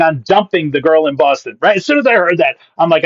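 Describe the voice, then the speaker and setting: Pastor-comedian guest from Massachusetts, lively punchy storyteller, slightly high-pitched, dry and muffled mic. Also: male voice, dry recording. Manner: animated, punchy comic delivery with quick asides. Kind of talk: comic storytelling in a podcast interview. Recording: dull, dry sound.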